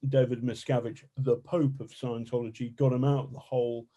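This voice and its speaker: Warm-voiced man telling stories. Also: medium pitch, a little fast. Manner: animated, colorful, swears freely. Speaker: investigative journalist, guest. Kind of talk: casual storytelling interview.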